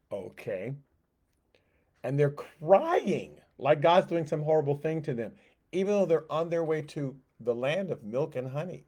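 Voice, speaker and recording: A man's voice: fairly high pitch, animated, measured pace, mellow. A man teaching a Sunday school Bible lesson, casually retelling scripture and acting out the quotes, with frequent restarts.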